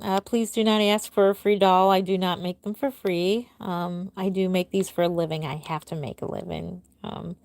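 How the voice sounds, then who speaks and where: Her tone is steady and creaky, her pace moderate with few pauses, and there's no room sound. A middle-aged woman who crafts reborn dolls, she hosts a chatty home live stream, replying to viewers' comments individually and softening low at the ends of thoughts.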